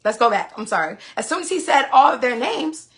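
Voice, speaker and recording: A woman's voice: fairly high pitch, big pitch swings, brisk. A woman, telling a story on a phone livestream in a profane, emphatic way. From Queens, New York. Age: 20s. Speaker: live streamer.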